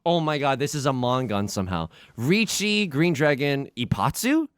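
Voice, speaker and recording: A young man casually commenting on his own game play, jokey and animated, talking to his chat with sudden loud outbursts. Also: mid-range voice, normal speed, smooth, no echo, studio quality. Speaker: let's play streamer.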